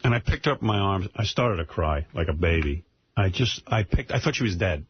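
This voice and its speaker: A man's voice: deep voice, lively intonation, brisk, slightly rough, lo-fi sound. A man hosting a radio show, telling a rambling, emotional story in casual talk, repeating himself. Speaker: radio host. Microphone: studio microphone, dry.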